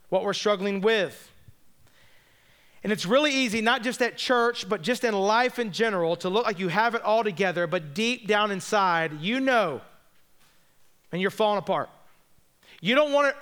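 A man's voice: sits high, fairly bright tone, clear, resonant tone. A man preaching a sermon in a conversational, joking way, speaking straight to the congregation. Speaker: pastor.

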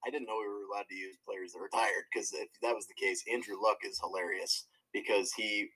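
Husky low-voiced man in casual sports chat. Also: steady tone, a little fast, sharp tone, low-quality recording. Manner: rambling, laughing, many restarts. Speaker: podcast co-host.

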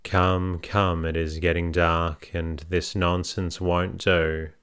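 An anxious young wife urging her husband to leave, read by a man. The voice stays deep and very clear, and the pace is slow. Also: flat delivery, a bit bright. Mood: imploring. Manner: imploring, firm. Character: anxious young wife, pleading then firm.

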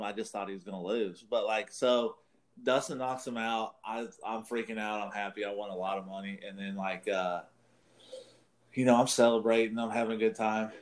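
A man with a fairly low voice tells a long, meandering anecdote in easy conversation. He swears freely and keeps laughing at his own story. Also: steady tone, normal speed. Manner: rambling, profane, laughs through his story. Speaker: podcast co-host. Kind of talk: casual storytelling chat.

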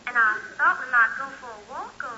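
A woman's voice: fairly high pitch, lively intonation, a little fast, bright, forceful tone, muffled recording. A coy Southern teen girl. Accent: American Southern. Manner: sweet, coy drawl. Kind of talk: 1940s radio sitcom acting. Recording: noisy scratchy 1940s radio recording.

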